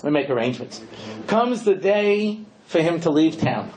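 Lively storytelling male rabbi. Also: on the high side, rough recording. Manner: animated storyteller, quickly acting out characters' lines; conversational, with frequent "you know". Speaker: rabbi giving a lecture. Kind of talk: storytelling lecture.

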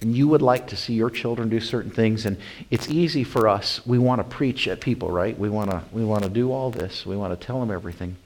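A man preaching a sermon as pastor. He swings from loud, rising emphasis to hushed, slow passages, repeats phrases and calls his listeners "my friends.". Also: on the low side, poor audio.

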